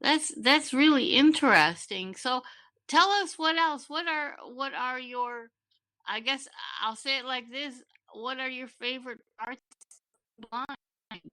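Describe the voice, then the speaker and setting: Bright, chatty woman podcast host. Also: high voice, slow. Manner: chatty, repeats words as she asks questions. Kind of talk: casual interview.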